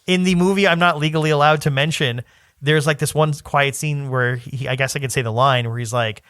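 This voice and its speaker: A man co-hosting a podcast in casual chat, rambling through stumbles and restarts, laughing often and dropping into quick put-on voices. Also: a little high, fairly even intonation, a bit bright, dry recording, clean studio sound. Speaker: podcast co-host.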